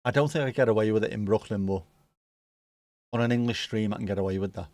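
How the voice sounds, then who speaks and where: A man's voice: fairly low pitch, fast, a little mellow, no room sound. A man chatting casually and swearing as he comments on a football match on a live stream from home. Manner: chatty, sweary, laid-back. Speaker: streamer hosting a football watchalong.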